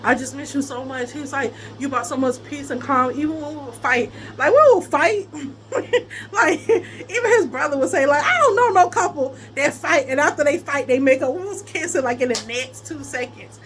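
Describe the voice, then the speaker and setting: Animated high-voiced woman telling a story. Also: fairly quick, few pauses. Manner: animated, laughs often, breaks into high laughing squeals. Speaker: vlogger telling a personal story. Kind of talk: casual storytelling chat.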